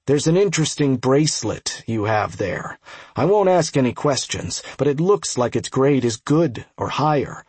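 A man voicing a tired, wary veteran male dagger fighter who speaks in a low voice. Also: animated, moderate pace, darkish tone, husky, dry recording. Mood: warning.

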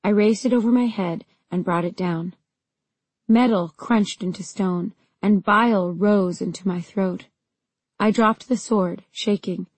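A woman narrating a fantasy audiobook in the first person, telling the story in a steady, even way. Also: mid-range voice, slightly rough, no room sound, rough recording.

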